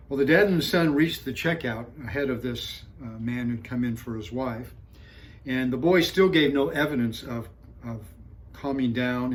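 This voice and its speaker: A male pastor preaching a sermon, telling a story calmly with frequent pauses and fillers before turning to scripture. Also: medium pitch, rough recording. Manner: calm storytelling with frequent fillers, rising for punchlines.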